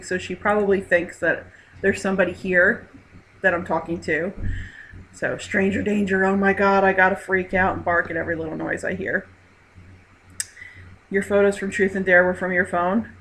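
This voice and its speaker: Casting note: woman host, bright clear voice, chatty and laughing, live stream chat. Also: mid-range voice, a little hiss or hum, rough recording. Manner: chatty, laughs often, reads chat aloud.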